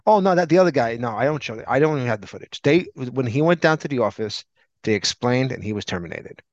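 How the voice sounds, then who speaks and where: A podcast co-host with a mid-range voice talks fast, spinning a long, rambling anecdote in casual chat and animatedly acting out the people in it. The recording is dry, dull and lo-fi.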